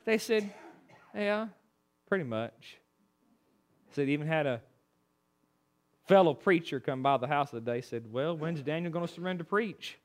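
Preacher guy, high voice, really animated, folksy sermon stories. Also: moderate pace, long pauses. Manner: folksy storytelling, swings between loud preaching and quiet aside.

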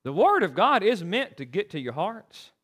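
A man preaching from the pulpit in an unusually high voice that leaps around with animated, emphatic swings. His tone is bright and sharp, and he stumbles into quick restarts as he drives his points home. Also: a little hiss or hum. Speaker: pastor. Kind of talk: sermon.

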